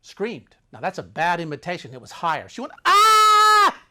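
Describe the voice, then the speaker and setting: A fairly quick, high-leaning voice belongs to an older man narrating a travel tale, dramatic and animated as he moves between loud moments and hushed ones.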